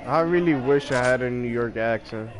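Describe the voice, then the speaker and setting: A man's voice: mid-range voice, moderate pace. A young man with a Massachusetts accent chatting casually while gaming, joking and often stammering over his words. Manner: joking, laughing, stammering restarts. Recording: loud music behind voice.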